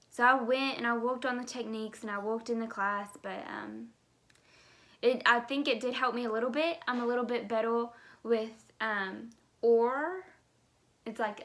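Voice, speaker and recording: A fairly high, fairly bright voice belongs to a twenty-something vlogger from the United States whose articulation disorder makes her speech sounds unusual. She chats casually and candidly to camera, with lots of fillers.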